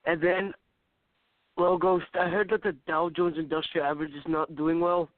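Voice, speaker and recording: A man from Texas calling in to a radio show, giving curt, flat short answers. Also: on the high side, normal speed, no room sound. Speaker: caller. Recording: tinny dry phone line.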